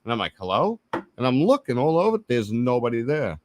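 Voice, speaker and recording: A man's voice: medium pitch, fairly quick, dry recording. A man telling a story in casual chat, swearing freely and acting out the quotes. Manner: profane, animated, acts out quotes. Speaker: podcast co-host.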